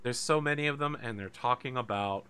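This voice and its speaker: A man running a tabletop game, narrating scenes in a loose, joking way. His voice is bright, and he drops in the odd swear word. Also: medium pitch, brisk, clean tone. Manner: casual, swearing, laughs at own jokes. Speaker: game master.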